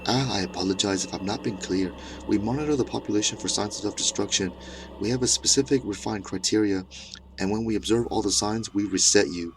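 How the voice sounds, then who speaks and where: A man voicing a frantic older male scientist with a thick Scottish accent, explaining things in a brisk, matter-of-fact way. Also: fairly low pitch, over music, lightly acted.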